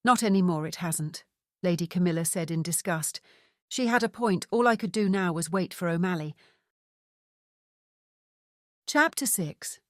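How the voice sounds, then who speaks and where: Low-voiced woman narrating an audiobook. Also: no room sound, clean studio sound. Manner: steady, measured storytelling. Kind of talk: scripted first-person audiobook narration.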